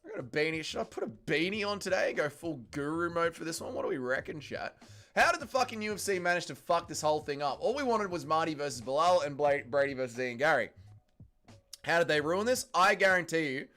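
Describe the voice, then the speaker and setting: A man with an Australian accent hosting a casual livestream, ranting in a profane, excitable way. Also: on the high side, fast talker, faint music behind. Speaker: livestream host.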